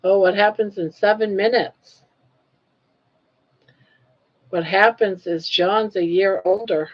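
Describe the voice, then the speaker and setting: Older woman, slow casual chatter, teasing and laughing, muffled stream audio. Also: steady tone. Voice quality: froggy, low-pitched singing voice by her own account. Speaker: livestream host. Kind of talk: casual live-stream chat.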